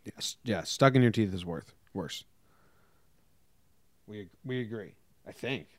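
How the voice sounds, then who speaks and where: A man hosting a sports podcast, chatting casually with dry, quick asides and some hedging. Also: fairly low pitch, darkish tone, no echo. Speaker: podcast host.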